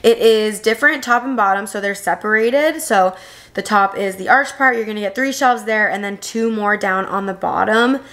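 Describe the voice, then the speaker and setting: A woman's voice: mid-range voice, normal speed, a bit bright. A young woman vlogger gushing over home decor pieces in a voice-over review, enthusiastic and chatty. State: new mother.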